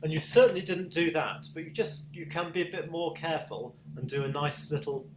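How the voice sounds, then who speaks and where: A man's voice: fairly high pitch, fairly quick. A man with a British accent giving an online piano masterclass, asking patient questions and encouraging his student. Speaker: piano teacher. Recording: echoey room over video call, piano.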